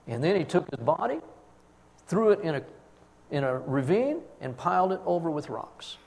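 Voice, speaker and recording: A man preaching a sermon, telling the story with emphatic swings in loudness. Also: fairly high pitch, very animated, moderate pace, creaky.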